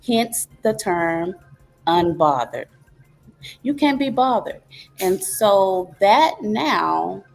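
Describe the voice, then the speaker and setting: A woman hosting a reflective wellness talk, calmly teaching and walking through steps with rhetorical questions. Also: medium pitch, gravelly. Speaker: host.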